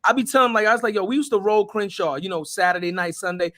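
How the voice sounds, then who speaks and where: Bright high-voiced man telling stories. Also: fast, no room sound, studio quality. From New York. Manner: animated, profane storyteller who laughs mid-story. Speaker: podcast co-host. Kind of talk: casual storytelling.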